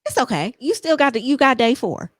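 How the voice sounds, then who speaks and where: A woman's voice: sits high, sing-song, fairly quick, fairly bright tone, no echo, clean studio sound. A woman hosting a podcast in casual chat, talking earnestly and encouragingly and often checking in with "you know what I'm saying.". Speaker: podcast host.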